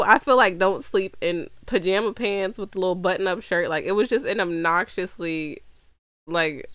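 Chatty young woman with a low voice. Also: no echo. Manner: chatty, lots of "like" fillers, frequent laughter, blunt swearing. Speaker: movie reviewer. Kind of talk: casual rambling recap.

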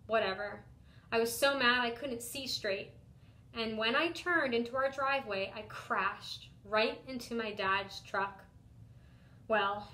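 An expressive young woman teacher reads a children's picture book aloud in a lively first-person storytelling style. Her voice sits fairly high, and the recording has a roomy echo.

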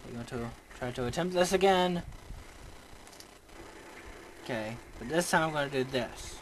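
This is let's play commentary from a young gamer on a shooter, recorded at low quality with a little hiss or hum. He speaks at a moderate pace with a medium pitch, muttering in excitable frustration and breaking into outbursts.

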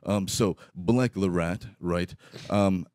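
A man's voice: sits low, takes it slowly, darkish tone, no echo, clean studio sound. A man chatting casually as a podcast guest, rambling with lots of fillers and a laid-back manner.

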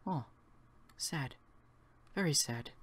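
Animated, jokey game commentator. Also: mid-range voice, slow pace, breathy edge. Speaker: let's play host.

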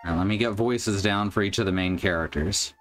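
A man's voice: low-pitched, a little fast, music in the background. A man streaming a video game live, chatting to viewers with casual, wry commentary.

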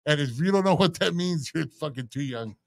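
A man, co-hosting a podcast and telling a profane, animated story in casual chat. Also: a little high, brisk, creaky, no echo. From San Antonio, Texas. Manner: profane, animated storyteller doing quoted voices. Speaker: podcast co-host.

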